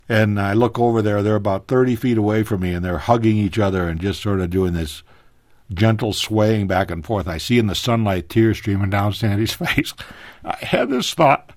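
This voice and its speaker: Low-voiced man telling a family story. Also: normal speed, no echo, studio quality. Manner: animated, pitch jumping high in emotional moments. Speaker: guest storyteller. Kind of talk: personal storytelling on a radio talk show.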